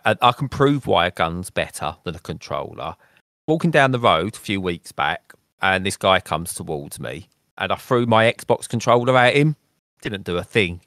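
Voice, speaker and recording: Sarcastic low-voiced man. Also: a bit bright, dry recording. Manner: sarcastic, jokey. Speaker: podcast co-host. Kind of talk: casual chat.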